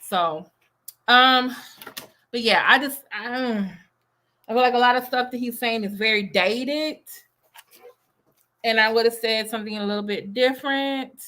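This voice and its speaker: A woman's voice: a little high, sharp tone. A woman teacher giving casual reaction commentary, rambling and skeptical. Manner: rambling, many fillers, skeptical.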